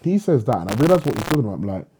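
A young man, telling a lively story in a casual podcast conversation, acting out dialogue and swearing freely. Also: medium pitch, very fast, background noise. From England. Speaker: guest, writer.

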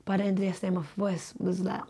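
A hoarse young woman, a teacher and singer who is losing her voice, chatting as a podcast guest and telling stories with animated energy. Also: mid-range voice, fast talker. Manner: animated storyteller, shouts when quoting herself. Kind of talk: casual podcast chat.

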